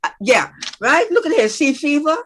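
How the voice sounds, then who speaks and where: An older woman, reminiscing as a guest speaker on a video call, lively and playful with a rhythmic way of recounting. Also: high-pitched, moderate pace, poor audio. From Guyana. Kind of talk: casual reminiscing.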